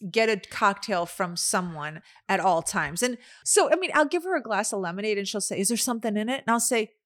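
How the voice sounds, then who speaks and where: A middle-aged woman co-hosting a podcast tells family stories in casual chat, animatedly acting out the quoted dialogue. Her voice is medium-pitched and brisk.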